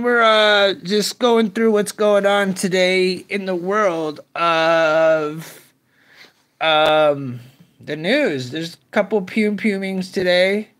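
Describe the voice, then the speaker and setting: A man's voice: sits high, a bit bright. A middle-aged man hosting a live news stream, ranting in profane slang and greeting chat viewers.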